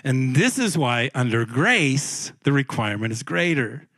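A man's voice: mid-range voice, very animated, unhurried, fairly bright tone, no echo. A male pastor preaching a conversational sermon, often repeating words and restarting phrases. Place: church sanctuary.

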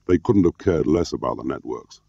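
A man voicing a gruff, bitter ex-spy. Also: a bass voice, lively intonation, brisk, dull audio, full character voice. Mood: curt. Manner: gruff, barking, rising to shouts. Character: embittered middle-aged male ex-spy, curt, angry.

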